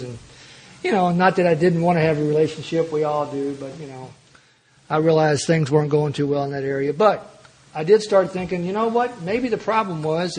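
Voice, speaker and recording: High-pitched older man telling a meeting story. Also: poor audio. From Louisville, Kentucky. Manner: folksy, self-mocking storyteller with frequent restarts. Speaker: AA speaker. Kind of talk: storytelling talk at a recovery meeting.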